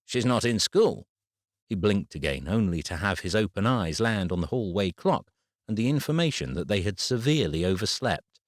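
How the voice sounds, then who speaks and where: Deep-voiced male audiobook narrator. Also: animated, a little fast, dry recording, studio quality. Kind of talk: scripted narration.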